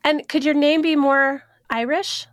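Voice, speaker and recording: A woman's voice: sits high, fairly even intonation, a little slow, no room sound. A woman hosting a podcast, speaking earnestly and asking rhetorical questions as she introduces a guest and leads the interview. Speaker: podcast host.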